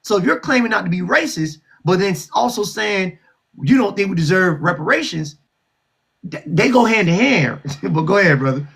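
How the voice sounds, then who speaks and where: A high, gravelly man runs a live call-in show. He talks loud and mocking, laughing through heated slangy trash talk, with a husky edge. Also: animated, moderate pace.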